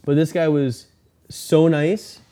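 A man's voice: a little high, steady tone, slow, dark tone. A young man hosting a podcast, telling a rambling story in casual chat and acting out the quotes. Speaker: podcast host.

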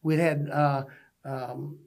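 A man's voice: a little high, flat delivery, takes it slowly, creaky, a little mellow. A man from Texas, a podcast guest telling stories in an earnest, folksy way. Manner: earnest, folksy storytelling with restarts. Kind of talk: storytelling interview. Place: podcast studio.

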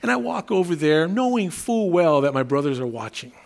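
Middle-aged guy preaching, kinda high-pitched, loose and talky, jokes around. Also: very animated, creaky. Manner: conversational, humorous storytelling with pauses and restarts. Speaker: pastor. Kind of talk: sermon.

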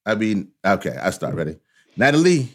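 A man's voice: fairly low pitch, sing-song, fairly quick, a bit bright. A man hosting a casual interview podcast, playful and teasing with his guest. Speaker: podcast host.

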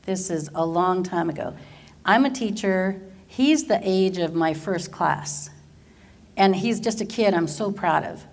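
A middle-aged woman from Orange County, California, giving a personal faith testimony as an animated storyteller who laughs often. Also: mid-range voice. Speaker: teacher and church worker.

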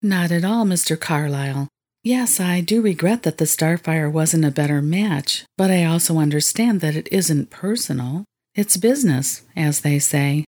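A woman voicing a gracious, composed young woman who owns a retreat, in a low voice. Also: moderate pace, darkish tone.

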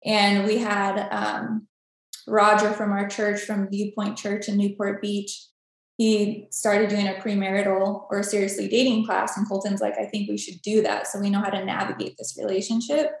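A woman with a gravelly, creaky voice shares a personal faith testimony as a podcast guest. She tells it vividly and acts out each exchange. The recording rings with heavy room echo. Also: medium pitch, normal speed. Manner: animated storytelling, acts out dialogue. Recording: very echoey room.

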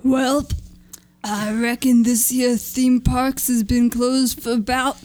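A woman's voice: a little high, level tone, slow, darkish tone, soft background music. A woman voicing an old man caretaker who turns out to be a ghost, in a rural folksy drawl.

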